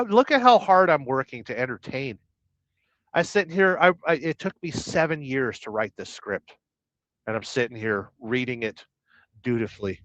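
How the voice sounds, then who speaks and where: A man's voice: mid-range voice, a bit bright, no room sound. A man hosting a casual live stream as a truck driver, joking and rambling as he reads viewers' comments aloud from his truck. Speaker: livestream host, truck driver. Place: truck, waiting to unload.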